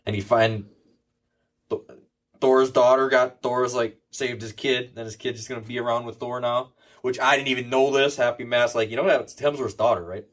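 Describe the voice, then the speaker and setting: A man's voice: medium pitch, steady tone, moderate pace. A man co-hosting a podcast in casual chat, rambling and swearing, laughing often. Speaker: podcast co-host.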